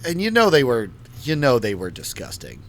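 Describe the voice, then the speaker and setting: A man co-hosting a podcast, telling a story with a giggly, animated delivery. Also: medium pitch, normal speed, slight background noise. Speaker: co-host. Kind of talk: casual podcast chat.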